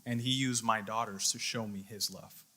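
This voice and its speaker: Preaching to youth, this man speaks at a moderate pace in a steady, somewhat low, bright and forceful voice. His sermon is an earnest story, with his inner thoughts spoken aloud as he goes.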